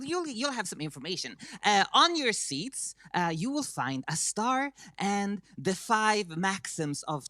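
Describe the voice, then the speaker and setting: A woman's voice: mid-range voice, sharp tone, no echo. A woman with a Swedish accent, Swedish being her first language, hosting a live stage show in a chatty, self-mocking way with many fillers and restarts. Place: stage before a live audience.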